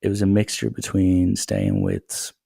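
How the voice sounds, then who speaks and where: A young man talks through a solo podcast episode in a low, gravelly voice. His delivery rambles and stays irreverent, and he swears freely. The sound is dry and close, with little room around it. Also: sing-song, a little slow, mellow, dry recording. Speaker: podcast host.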